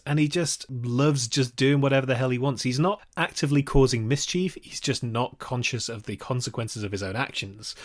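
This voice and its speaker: A man co-hosting a casual podcast, chatty and joking as he reviews an old animated film. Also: medium pitch. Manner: chatty, joking, quick asides. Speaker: podcast co-host.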